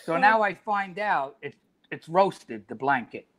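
A man's voice: on the high side, lively intonation, measured pace, over a noisy crowd. A middle-aged man, a former fire chief telling blunt, profane stories as a podcast guest and laughing as he goes. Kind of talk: casual chat, storytelling.

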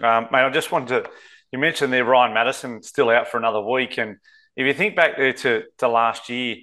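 A man's voice: mid-range voice, brisk, pushed and bright. An Australian man co-hosting a sports betting podcast, talking casually and rambling, saying mate a lot. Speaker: co-host.

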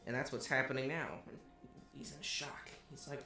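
A man co-hosting a podcast, chatting casually through a manga chapter. He gets excited, swears freely and acts out the characters' lines as he reads them. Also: medium pitch, normal speed, faint music behind. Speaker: podcast co-host. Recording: echoey room.

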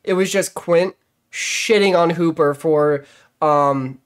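A man's voice: on the high side, slow pace. A man chatting casually on a podcast, rambling through his point with constant filler words and restarts.

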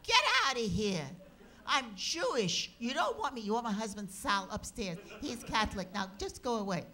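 A woman voicing a blunt, loud middle-aged housewife turned mystic, while telling a story. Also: a little high, very animated, a little fast, a crowd in the background, pitched above the performer's own voice. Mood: panicked. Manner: loud, blunt, exasperated street talk. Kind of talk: storytelling impression.

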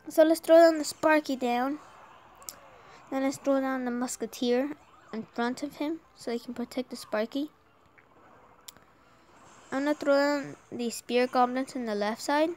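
A woman giving excited live gameplay commentary while she has a sore throat from an oncoming cold. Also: high-pitched, a little slow, long pauses, faint music behind. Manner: excitable, urging the game on aloud. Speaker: gamer.

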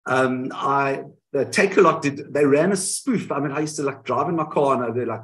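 A man in a candid interview, telling his side of events in an animated way and often correcting himself mid-sentence, heard over a video call. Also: medium pitch, moderate pace, poor audio. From South Africa. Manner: animated storytelling, frequent self-corrections. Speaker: guest.

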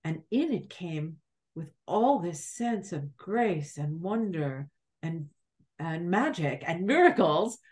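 Podcast guest: middle-aged woman, deep voice, unhurried, reflective spiritual storyteller with halting restarts. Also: sing-song, darkish tone.

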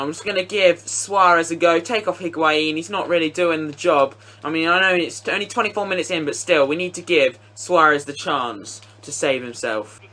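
A young man giving excitable, sweary live commentary on a football video game, shouting at goals. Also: fairly high pitch. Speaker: gaming commentator.

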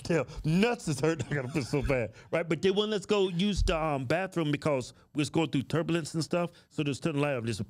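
A man's voice: a little high, fast talker, few pauses. A man co-hosting a casual talk show, telling a story with lots of laughter and swearing. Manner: animated, laughing, profane storyteller. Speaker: co-host.

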